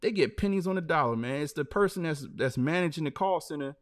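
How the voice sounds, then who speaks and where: He talks fast in a fairly high-pitched voice with lively intonation. In casual live-stream chat, this host spins loose stories full of fillers like "man" and "like."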